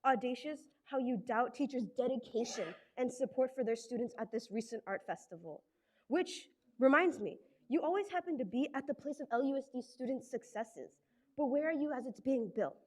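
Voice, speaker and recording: A woman's voice: high-pitched, animated, normal speed. A teenage girl giving an indignant, accusing public comment to a school board. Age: teens. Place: school board meeting room.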